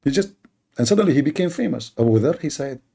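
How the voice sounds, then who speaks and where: Gravelly guy hosting a live call-in debate, mocking and sarcastic, kinda husky. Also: on the high side, lively intonation, quick pace, warm tone. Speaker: host of a live debate stream.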